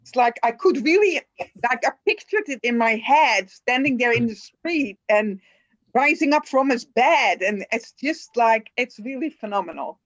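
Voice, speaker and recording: A woman audience member on a video call, asking an author questions eagerly and haltingly. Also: fairly high pitch, lively intonation. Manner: enthusiastic, halting, with many restarts. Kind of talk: conversational Q&A. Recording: dull, muffled video-call audio.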